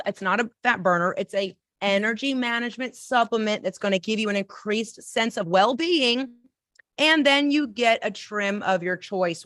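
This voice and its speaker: A woman's voice: mid-range voice, fairly bright tone, dry recording. A woman hosting a live podcast chat as a coach, talking in enthusiastic, effusive bursts. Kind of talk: casual live-stream chat.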